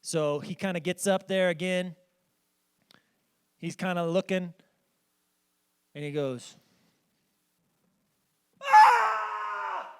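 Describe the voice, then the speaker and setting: Speaking slowly and pausing often, a thirties-aged male pastor tells stories from the pulpit of a church sanctuary, addressing the congregation directly in a conversational way. His voice sits high, with a steady, clean tone.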